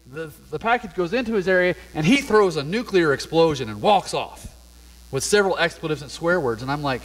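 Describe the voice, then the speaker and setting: A man's voice: on the high side, fairly bright tone. A middle-aged man, a pastor, preaching a sermon in a laid-back, conversational storytelling way in a church. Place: church sanctuary. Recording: long hall reverb.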